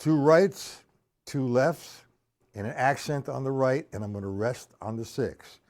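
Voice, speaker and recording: A man's voice: mid-range voice, expressive, measured pace, darkish tone. A man teaching drum rudiments on a live stream, counting beats aloud and chatting with viewers in the chat.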